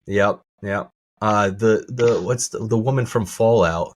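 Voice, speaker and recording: A man's voice: on the low side, unhurried. A man co-hosting a podcast in casual chat, rambling and restarting his sentences. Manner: rambling, repeats words when starting. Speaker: podcast co-host.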